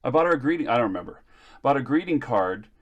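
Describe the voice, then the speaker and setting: Lively man with a bouncy voice. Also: medium pitch, fast, muffled recording. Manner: lively, chatty anecdote teller. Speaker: podcast co-host. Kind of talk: casual storytelling chat.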